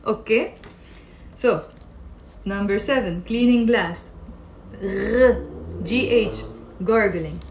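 A woman's voice: mid-range voice, slow pace, long pauses, slight background noise. A woman with a Lebanese accent teaching Arabic pronunciation, patiently demonstrating throat sounds and checking in with "okay?". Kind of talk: pronunciation lesson. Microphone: video call.

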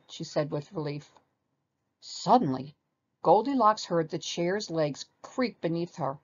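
A woman reading a children's story aloud with animated expression. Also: on the low side, unhurried, husky, highs cut off.

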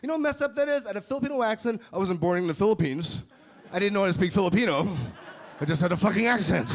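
A man performing stand-up in a comedy club, telling a story with quick character voices. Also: sits high, animated. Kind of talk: stand-up set. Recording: live club with loud laughter.

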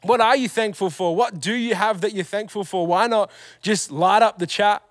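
A young man gives a casual youth sermon in a bright, high voice. He tells stories full of slang and pokes fun at himself. The sound is dry and close, with no room around it. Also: normal speed, no room sound. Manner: energetic storytelling with slang and self-mocking humor. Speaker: youth pastor.

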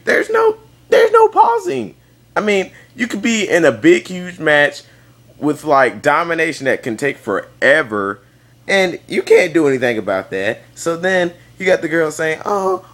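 A young man giving a casual video-response rant, exasperated, jumping into high squeaky outbursts. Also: a bit bright. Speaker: vlogger.

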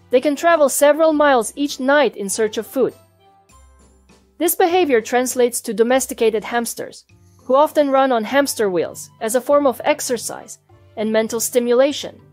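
Higher-voiced woman reading a storybook. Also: no room sound. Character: hamster narrator telling his own story. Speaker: storybook reader. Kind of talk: children's read-aloud narration. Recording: soft music behind the voice.

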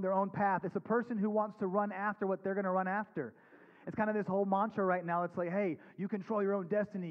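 A man preaching a sermon as pastor, reading scripture aloud and then explaining it in an earnest, conversational way. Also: high-pitched. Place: church sanctuary. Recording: dull recording with long hall reverb.

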